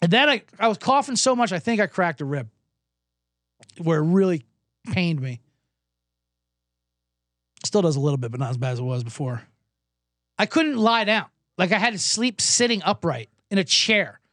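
A man's voice: sits high, lively intonation, moderate pace, long pauses, fairly bright tone, dry recording. A man hosting a podcast, telling a rambling, self-deprecating comedic story while he recovers from a cough. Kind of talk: comedic casual monologue. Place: indoors, Los Angeles.

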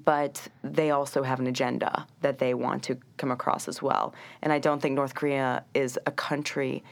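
Low-voiced American woman telling a story. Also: little pitch movement, normal speed, creaky. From United States. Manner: chatty storyteller. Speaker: guest. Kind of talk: casual chat.

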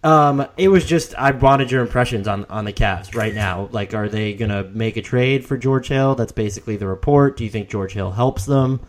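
A young man co-hosting a casual podcast, animated, often restarting his sentences. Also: medium pitch, normal speed, hardly any pauses. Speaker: podcast co-host.

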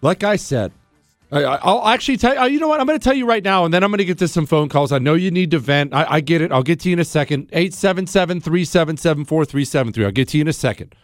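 Man, talk radio host, ranting, sarcastic, high lively voice, dry close sound. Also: fast, dry recording, soft background music.

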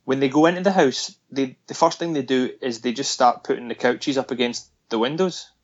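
A man's voice: medium pitch, fairly quick, lo-fi sound. A man talking casually about a film, animatedly retelling scenes and acting out the lines.

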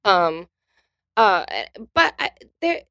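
A woman comedian on a podcast, telling family stories in a casual, animated way and acting out the voices of the people in them. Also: mid-range voice, slow pace, creaky. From New Mexico, US. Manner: animated, acts out quoted voices. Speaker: comedian guest.

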